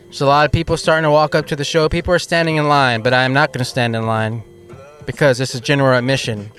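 A man's voice: mid-range voice, steady tone, fast talker, a bit bright, soft background music. A man hosting a casual live podcast outdoors in a venue line, joking and chatting into a handheld mic. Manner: joking, chatty running commentary. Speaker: podcast host.

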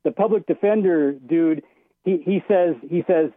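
A man's voice: on the high side, normal speed, no room sound. A man calling in to a talk show, telling a long story in a rambling way with many restarts. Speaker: caller. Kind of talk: casual phone-in storytelling. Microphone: phone. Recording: tinny phone line.

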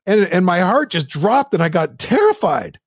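Brief: male guest in his fifties, high voice, animated storyteller, dry close mic. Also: moderate pace, no echo. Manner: animated storyteller, acts out quotes in a high squeal. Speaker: guest, business founder. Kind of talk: storytelling interview.

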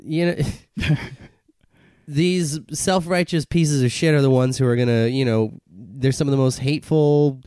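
A man co-hosting a casual podcast, blunt and quick to swear and get fired up. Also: mid-range voice, fairly even intonation, mellow, clear, resonant tone, no echo, clean studio sound. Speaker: podcast co-host.

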